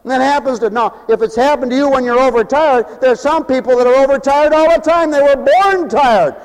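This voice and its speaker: A male preacher delivering an animated, joking sermon, swinging between loud calls and hushed asides. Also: extremely high pitch, fairly quick. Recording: long hall reverb.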